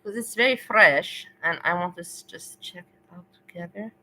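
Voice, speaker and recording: A woman streamer whose first language is not English talks in a bright, forward voice. She rambles through blunt, opinionated commentary in a loose, casual livestream manner. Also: lowish voice, moderate pace, low-quality recording.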